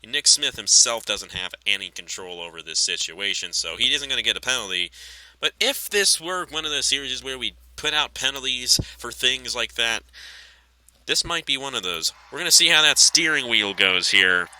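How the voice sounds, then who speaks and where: A man calling a sim racing event with excitable play-by-play, his voice climbing high in tense moments, then chatting through the replays. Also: moderate pace, rough recording. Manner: excitable, pitch shooting up at close racing. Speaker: race commentator.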